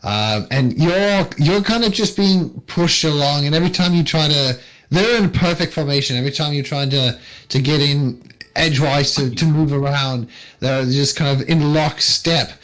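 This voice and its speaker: A man narrating as game master of a tabletop game, in an unhurried, halting manner with many fillers. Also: on the high side, fairly bright tone, low-quality recording.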